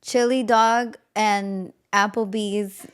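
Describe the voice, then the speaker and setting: A woman's voice: mid-range voice, fairly even intonation, slow pace, smooth. Chatty young woman hosting a podcast. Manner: chatty, gossipy, laughs often, says "like" a lot. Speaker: podcast host. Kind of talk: casual chat.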